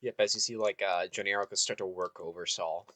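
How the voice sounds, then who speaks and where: A man running a tabletop game as game master, loose and halting, with many fillers. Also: low-pitched, steady tone, fairly bright tone, no echo.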